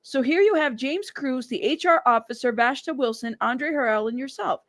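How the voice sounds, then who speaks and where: A woman's voice: high-pitched, lively intonation, moderate pace, a bit bright, no echo. A woman hosting a casual live stream, talking in a sassy, teasing way and laughing often. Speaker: live-stream news host.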